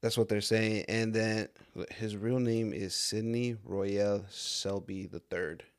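A man's voice: fairly low pitch, steady tone, takes it slowly, clean tone. Teasing young man on a podcast. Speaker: podcast co-host. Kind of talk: casual chat.

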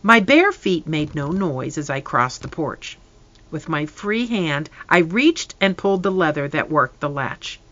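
An audiobook narrator reading a story aloud in an expressive, unhurried way. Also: medium pitch, lo-fi sound.

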